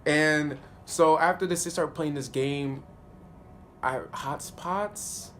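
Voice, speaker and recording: A man giving a casual spoken review of a TV episode, animated and slangy, often laughing. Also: on the high side, slow, a little hiss or hum. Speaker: TV show reviewer.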